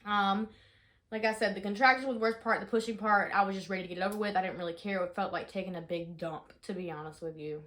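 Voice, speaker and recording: A young woman in her twenties, telling a story casually in a vlog, chatty and full of fillers, shouting out the dramatic parts. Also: mid-range voice, fast, slight background noise. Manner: chatty, animated, lots of fillers, rises to shouting in re-enactments. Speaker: vlogger.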